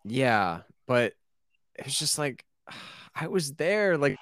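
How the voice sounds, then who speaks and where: A man's voice: medium pitch, big pitch swings, takes it slowly, a bit bright, no echo, clean studio sound. A man co-hosting a casual podcast, talking hesitantly and self-effacingly, with many restarts. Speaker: podcast co-host. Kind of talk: casual chat.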